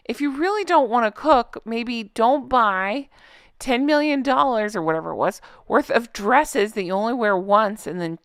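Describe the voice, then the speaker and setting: A woman's voice: fairly high pitch, expressive, moderate pace, no room sound, clean studio sound. A woman vlogger giving casual, sarcastic reaction commentary on a book, blunt and swearing, with laughing asides.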